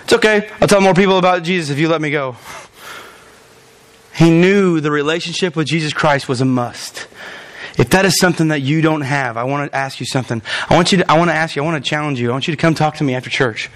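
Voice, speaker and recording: A man preaching a sermon as a pastor and closing in prayer, speaking straight to his congregation in an earnest, direct way. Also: fairly bright tone. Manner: earnest, direct address to the congregation, voice climbing high when emphatic. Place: church.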